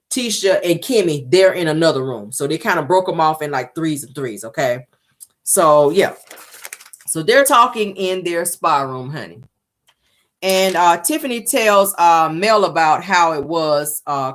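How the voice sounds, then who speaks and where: Low-voiced chatty woman recapping. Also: a bit bright. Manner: chatty, drops into playful impressions of cast members. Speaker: reality TV recap host. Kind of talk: casual recap chat.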